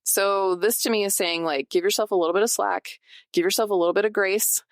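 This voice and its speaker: A woman's voice: medium pitch, steady tone, a little fast, dry recording, studio quality. A woman hosting a podcast on her own, chatting casually and straight to her listeners, partly reading from notes. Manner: chatty, addresses listeners directly, laughs often. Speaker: podcast host. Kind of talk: casual solo podcast talk.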